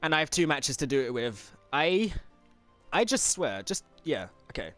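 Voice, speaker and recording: High, lively young man swearing at a game. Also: moderate pace, soft background music. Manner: frustrated, swearing, yelling at the game. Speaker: gameplay commentator. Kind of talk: let's play commentary.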